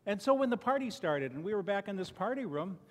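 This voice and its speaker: An older lay preacher from Chicago, high-voiced, very animated and fast-talking, gives a folksy sermon in the large hall of a church sanctuary. He speaks conversationally, shares personal stories, and frequently restarts his sentences, peppering them with "you know."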